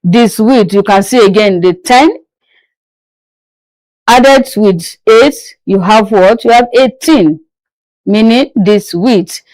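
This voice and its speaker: Slow, patient woman teaching French numbers. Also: medium pitch, darkish tone, dry recording, poor audio. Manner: slow, patient repetition of each word. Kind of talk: slow language lesson with drills.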